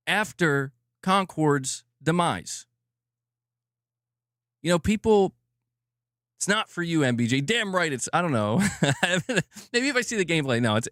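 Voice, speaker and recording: This live-stream host talks casually and profanely, laughing a lot as he goes through viewer comments. His medium-pitched voice is a bit bright, recorded in a clean studio with no room sound.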